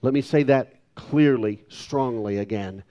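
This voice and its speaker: A man's voice: mid-range voice, measured pace, warm tone. A man in his sixties preaching a sermon with emphatic delivery and self-deprecating asides. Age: 60s. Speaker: pastor.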